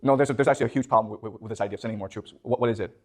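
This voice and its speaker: A man's voice: on the low side, racing, darkish tone. A man giving a classroom lecture, posing questions to his students and checking in with them again and again. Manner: keeps checking in with "okay? you understand?".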